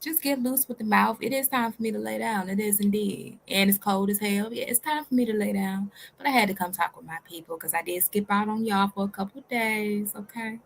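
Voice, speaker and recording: A woman's voice: medium pitch, brisk, vocal fry, few pauses, slight background noise. Sassy, salty-talking woman reacting. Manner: sassy, profane, playful with viewers. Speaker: reaction video host. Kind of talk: casual commentary.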